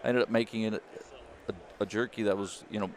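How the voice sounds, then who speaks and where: A man, a former caddie turned business founder, telling a lively story in an interview and acting out the people he quotes. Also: fairly low pitch, quick pace. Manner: animated storyteller, acts out quoted voices.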